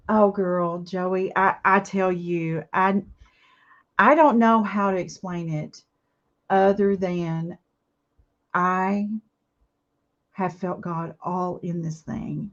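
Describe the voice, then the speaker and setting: Lady in her middle years, chatting slow and earnest to y'all while crafting, kinda muffled stream sound. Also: fairly low pitch, steady tone. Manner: chatty, earnest, addresses viewers warmly as y'all. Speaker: craft livestream host. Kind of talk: casual chat while crafting. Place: home, indoors.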